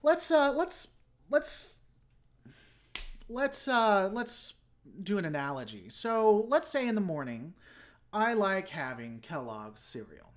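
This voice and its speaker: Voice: medium pitch, very animated, slow pace. A YouTube host giving casual reaction commentary and answering viewer comments, frank and opinionated, often restarting sentences.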